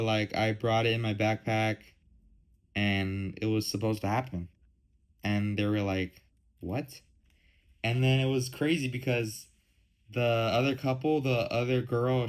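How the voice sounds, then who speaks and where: A man in his twenties hosts a casual solo podcast, rambling and leaning heavily on "like" and "um." His voice is mid-range, and the recording is rough.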